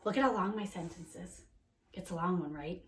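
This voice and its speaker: A young woman teaching a remote lesson to small children, cheerful and encouraging, speaking slowly and clearly. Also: on the low side. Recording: echoey room.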